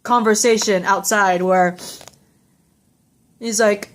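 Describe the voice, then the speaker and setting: A young woman with a slightly raised pitch talks through a TV episode in a loose, rambling recap. She doubles back often, leaning on ums and likes, and sounds heartfelt about what she describes. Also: moderate pace. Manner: rambling and heartfelt, with many fillers.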